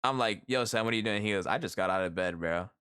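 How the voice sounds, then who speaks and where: A middle-aged man streaming live, telling a story about his workday to his chat in a lively, animated way and acting out the people in it. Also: fairly low pitch, quick pace, clean tone. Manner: animated storytelling, acts out quoted coworkers. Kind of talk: casual chat with viewers.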